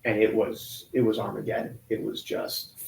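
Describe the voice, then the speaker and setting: Man in his forties recounting, halting speech. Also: on the low side, completely flat delivery, creaky, a little mellow. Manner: halting, with many restarts and pauses. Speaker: guest telling his own story. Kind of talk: emotional personal account in an interview. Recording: roomy echo.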